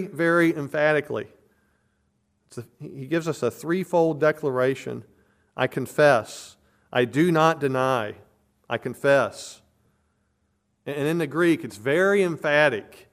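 A man preaching an expository sermon as pastor, earnest and emphatic, building points through repetition. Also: fairly high pitch.

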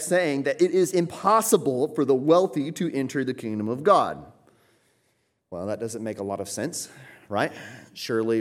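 A man preaching a teaching sermon from the United States, earnest and emphatic, often restarting his sentences. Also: medium pitch. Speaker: pastor.

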